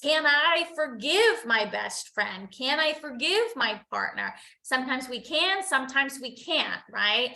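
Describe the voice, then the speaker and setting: A woman's voice: high-pitched, lively intonation, unhurried, creaky, hardly any pauses, sharp tone, reverberant. A woman hosting a motivational talk, speaking earnestly, repeating her phrases and often asking "right?". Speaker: host, coach.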